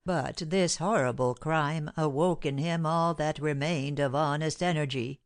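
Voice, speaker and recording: A woman narrating a classic novel as an audiobook, reading in a measured, steady way. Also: low voice, dry recording, studio quality.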